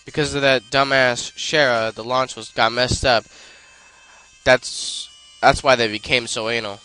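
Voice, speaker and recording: A man's voice: mid-range voice, fairly even intonation, measured pace, sharp tone, clean tone, low-quality recording. A man reading out a bitter, foul-mouthed middle-aged male rocket pilot, swearing and stumbling over his lines while reading. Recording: faint game music behind.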